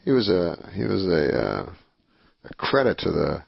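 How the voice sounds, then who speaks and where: A man from Canada, a talk show guest, telling a story in a deadpan, rambling way full of fillers. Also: low-pitched, normal speed, vocal fry, slightly rough, no echo, dull audio. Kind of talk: casual chat.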